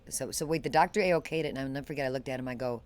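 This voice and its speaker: A woman's voice: rumbling low, racing. A woman interview guest telling a painful personal story in a detached, matter-of-fact way, often restarting and trailing off mid-phrase.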